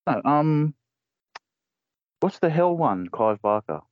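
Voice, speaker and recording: Rambling man with a lively voice. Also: a little high, takes it slowly, no room sound, muffled recording. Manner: rambling, laughs at his own stories. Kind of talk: casual chat.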